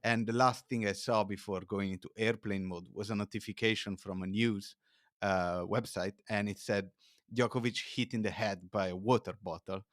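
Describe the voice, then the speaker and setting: A man as a podcast guest, telling stories in a casual, animated way. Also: lowish voice, moderate pace, dry recording, clean studio sound. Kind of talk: casual chat.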